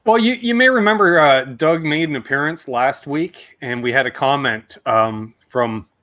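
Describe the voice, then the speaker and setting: A man's voice: mid-range voice, moderate pace, pushed and bright. Easygoing man host reading comments. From Canada. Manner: reads viewer comments aloud, easygoing. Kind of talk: casual livestream chat.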